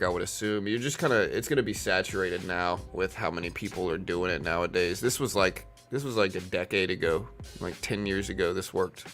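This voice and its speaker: A man hosts a live trading stream, talking loosely and filling gaps with "like" and "you know." His voice sits very low. Faint music plays behind him. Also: a bit bright. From South Louisiana. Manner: rambling, filler-heavy, calls viewers bro and dude. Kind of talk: casual live-stream chat.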